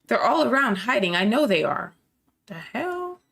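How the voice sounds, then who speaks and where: A woman's voice: medium pitch, animated, fairly quick, creaky, a bit bright. A woman streaming a game, chatting and reacting with amusement while she reads dialogue aloud. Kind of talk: gameplay commentary, reading dialogue aloud.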